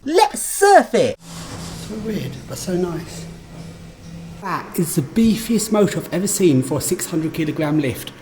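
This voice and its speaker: A woman giving excitable, detailed commentary while exploring buildings and lift shafts for her vlog. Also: fairly low pitch, unhurried, a little hiss or hum. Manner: excitable, lively, gets carried away with lift details. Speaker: vlogger exploring lifts. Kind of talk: enthusiastic technical commentary.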